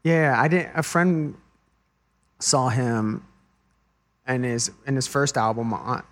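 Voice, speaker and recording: A man's voice: medium pitch, fairly bright tone. Easygoing American man chatting. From United States. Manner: easygoing, laughs often, halting restarts. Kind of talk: casual chat.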